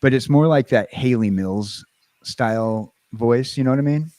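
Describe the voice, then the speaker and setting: An American man chats casually on a livestream, wandering through his thoughts with frequent "uh"s and restarts. His voice sits at an ordinary middle pitch. It sounds close and dry, with no room echo. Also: mellow. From United States. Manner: rambling, halting, full of fillers and restarts. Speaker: livestream host. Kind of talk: casual stream chat.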